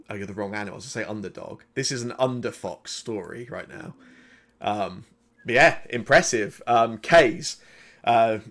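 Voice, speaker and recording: A male game master narrating a live tabletop session. His voice sits at an ordinary middle pitch, and he talks in loose, rambling runs, often stopping to restart a phrase. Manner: rambling, filler-heavy narration with frequent restarts.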